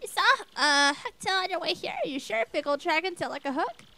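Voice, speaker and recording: A woman's voice: very high voice, lively intonation, a little fast, sharp tone. A young woman casually commenting on her video game play in a bubbly, playful way. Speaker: let's play host.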